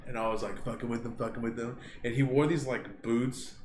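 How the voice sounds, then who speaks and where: A man's voice: medium pitch, fairly even intonation, brisk, reverberant, noisy background. A man in his thirties from Southern California, co-hosting a podcast and telling rambling, profane stories with laughs mixed in. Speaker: podcast co-host. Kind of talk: casual storytelling chat.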